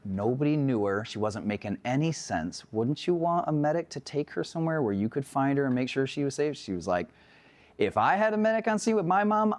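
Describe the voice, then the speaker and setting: Male EMS instructor in his thirties, lively lecture voice that swings up and down, acts out the people in his stories. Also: mid-range voice. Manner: animated storyteller, acts out dialogue, laughs often. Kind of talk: casual classroom lecture with stories.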